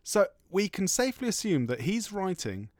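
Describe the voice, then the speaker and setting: A man's voice: high voice, very animated, normal speed, darkish tone, dry recording. A man chats on a film podcast, teasing and joking with sarcastic asides. He keeps firing questions at his co-host. His voice sounds dry and close, with no room sound around it. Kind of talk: casual chat.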